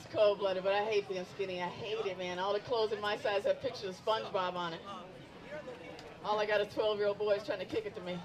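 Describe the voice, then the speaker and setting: Brisk and fairly even in intonation, a middle-aged woman's medium-pitched voice drives an outdoor stand-up set. She pokes fun at herself and bantersting with the watching crowd.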